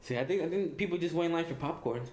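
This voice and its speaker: A man's voice: fairly high pitch, rapid-fire, darkish tone. A man directing a casual film commentary, chatty and laughing often. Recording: echoey room with faint noise.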